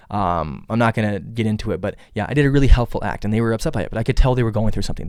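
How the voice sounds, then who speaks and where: A man hosting his own podcast, talking casually on his own, rambling and repeating words with many fillers, and acting out quoted lines in a higher voice. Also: no room sound, studio quality. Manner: acts out quoted dialogue in a raised voice. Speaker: podcast host. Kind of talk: casual solo podcast monologue.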